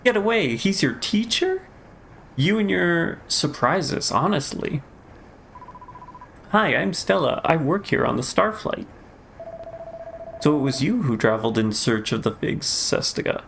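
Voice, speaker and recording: A man voicing a bubbly, bossy little fairy girl in a high, chirpy voice while reading game dialogue aloud. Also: sing-song, unhurried, gravelly, pauses often, fairly bright tone, a little hiss or hum, exaggerated voice. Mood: teasing.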